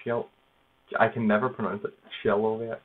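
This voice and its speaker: A man casually narrating his own language practice, halting over foreign words and laughing at himself. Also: on the low side, flat delivery, husky. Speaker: language learner. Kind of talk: casual self-narrated study session. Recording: tinny phone-like noisy recording.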